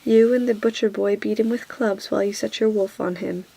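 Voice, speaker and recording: A woman's voice: medium pitch, steady tone, brisk, vocal fry, breathy edge, low-quality recording. A woman voicing a cold, haughty queen in a whispered role-play. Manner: soft whisper.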